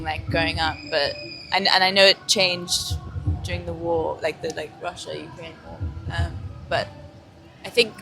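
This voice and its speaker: A woman sailor in a casual street interview, laughing often and swearing casually. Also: fairly low pitch.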